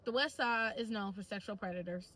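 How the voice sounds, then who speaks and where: A young woman vlogging casually to camera, telling stories in an animated, chatty way full of slang. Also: medium pitch, fairly quick, poor audio.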